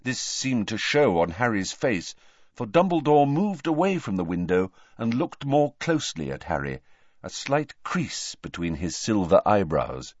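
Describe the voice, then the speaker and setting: Male audiobook narrator, lively dramatic storytelling, dry and slightly dull recording. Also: lowish voice, measured pace, no echo. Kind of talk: scripted narration.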